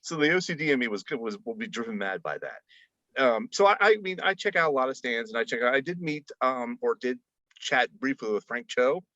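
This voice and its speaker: A man's voice: medium pitch, lively intonation, brisk, bright, forceful tone, no echo, muffled recording. A man chatting casually as a podcast guest, rambling with many fillers and restarts. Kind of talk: casual chat.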